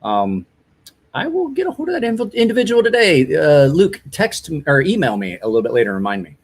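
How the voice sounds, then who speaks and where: A man's voice: a little high, wildly swooping pitch, fairly quick. A man in his forties hosting a casual live stream, tired and run down, rambling with many fillers and apologies. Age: 40s.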